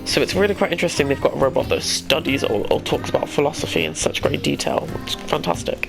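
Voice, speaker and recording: A man doing relaxed, chatty let's-play commentary on a game. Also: a little high, quick pace, creaky, hardly any pauses, over music. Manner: relaxed, chatty, self-deprecating. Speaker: gaming YouTuber.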